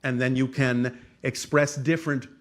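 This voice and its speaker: This man's delivery is deliberate and steady at a middle pitch as he channels spiritual material in response to audience questions. He speaks with formal, measured rhythm, repeats phrases in stacks, and pauses to check in with whoever's listening.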